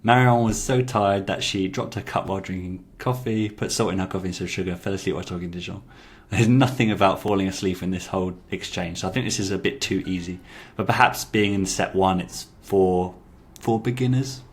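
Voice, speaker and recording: A low-voiced man talks casually through an app review, chatty and full of fillers. He repeats lines aloud before commenting on them. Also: brisk. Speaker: language-learning YouTuber.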